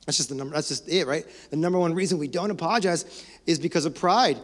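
A man preaching a sermon as pastor, animated and conversational, acting out excuses and laughing now and then. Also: a little high, fast. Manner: animated, mock-quotes excuses, laughs often. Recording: long hall reverb.

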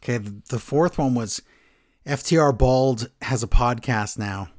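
A man's voice: mid-range voice, a little slow, a little mellow. Sarcastic man chatting about wrestling. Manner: sarcastic, does mocking impressions. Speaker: podcast co-host. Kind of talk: casual wrestling chat.

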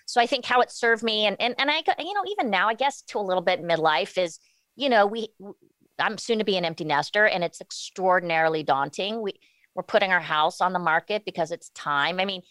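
A woman's voice: mid-range voice, lively intonation, fairly bright tone, no room sound. Candid woman guest, dry close sound. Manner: candid, halting with many restarts. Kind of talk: casual interview talk.

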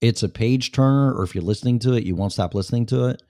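A man's voice: medium pitch, fast talker, warm tone, no room sound, studio quality. A man hosting a show, talking casually and bluntly to a listener with plenty of swearing. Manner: blunt, profane, talks straight to a listener. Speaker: show host.

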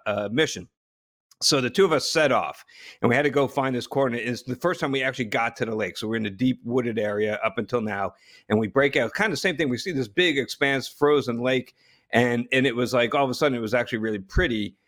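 A man from New Jersey telling a long story as a guest, animated, with frequent restarts and laughter. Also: mid-range voice. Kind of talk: casual storytelling.

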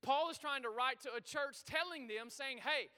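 A man preaching a sermon to his congregation, energetic and full of call-and-response, in a church auditorium. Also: very high voice, normal speed. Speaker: pastor. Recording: reverberant hall.

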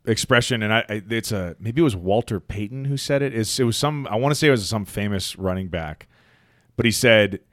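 A man's voice: on the low side, brisk, fairly bright tone, no room sound, clean studio sound. A man co-hosting a casual sports chat, who laughs often and swears freely. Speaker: podcast co-host.

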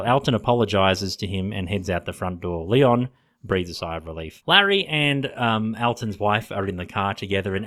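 Animated, chatty man recapping a show. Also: fairly low pitch. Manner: chatty, laughing, profane, animated. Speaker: podcast host. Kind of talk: casual TV episode recap.

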